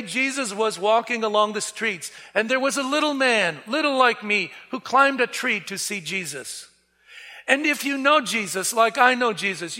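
A man's voice: very high voice, pushed and bright. A man preaching a sermon, telling a story earnestly and acting out the voices of the people in it. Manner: earnest, acts out quoted voices. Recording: reverberant hall.

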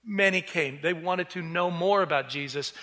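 A man's voice: high-pitched, moderate pace, pushed and bright. A man preaching a sermon, telling a story earnestly and acting out the voices of the people in it. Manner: earnest, acts out quoted voices. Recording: reverberant hall.

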